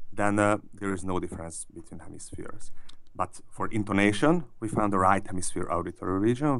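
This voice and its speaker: Low-voiced man explaining his research. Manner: explanatory, thoughtful, with frequent restarts. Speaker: researcher guest. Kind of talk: interview answers explaining research.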